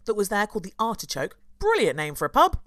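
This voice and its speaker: A woman's voice: mid-range voice, wildly swooping pitch, fast, a bit bright, no room sound. Woman, London tour guide host, chatty, laughing, dry close sound. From London, England. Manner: chatty, playful, laughs often. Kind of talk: casual chat.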